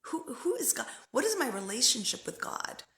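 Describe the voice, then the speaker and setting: A woman spiritual coach giving an emphatic, animated pep talk that swings between loud stresses and hushed asides. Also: high voice, normal speed, echoey room.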